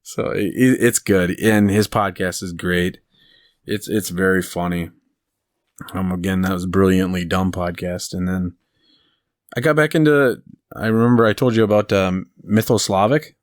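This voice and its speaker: Male podcast co-host, very low voice, rambling casual storyteller who laughs at his own bits. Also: steady tone, moderate pace. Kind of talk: casual chat.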